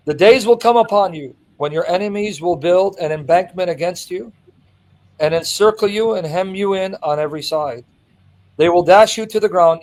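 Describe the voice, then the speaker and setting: Man, higher-pitched, emphatic Bible teacher who drives each point home. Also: a little mellow, rough recording. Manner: emphatic, reading scripture aloud and driving points home. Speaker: Christian apologist. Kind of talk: impassioned Bible exposition.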